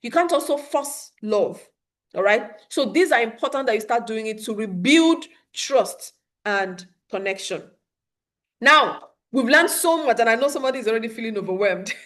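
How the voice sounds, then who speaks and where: A woman's voice: on the high side, moderate pace. Earnest woman coaching parents. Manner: earnest, coaching, laughs often; acts out calm soothing quotes. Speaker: parenting coach hosting a webinar. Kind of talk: live webinar talk.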